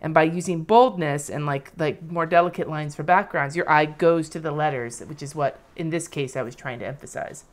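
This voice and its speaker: On a live stream, a low-voiced woman in her thirties casually demonstrates lettering while drawing. She speaks at a moderate pace with hardly any pauses, chatty and rambling as she explains.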